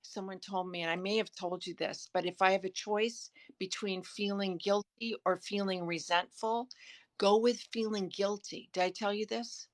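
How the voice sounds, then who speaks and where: A woman of middle pitch talks earnestly on a phone live stream, sharing advice. She pauses and restarts her sentences as she thinks out loud. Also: steady tone, no echo. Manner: earnest, shares tips, halting restarts. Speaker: author and co-host. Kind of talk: casual live-stream chat.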